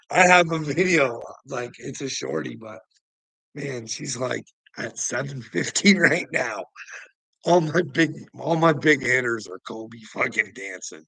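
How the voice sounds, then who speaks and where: A man with a gravelly, fry-heavy voice and a tense, sharp edge rants to his viewers. He laughs constantly through his sentences, swears freely and mocks people by name. The sound is dry and close. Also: medium pitch, no echo, low-quality recording. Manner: laughs constantly while talking, profane and mocking. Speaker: channel host. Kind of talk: rambling livestream rant.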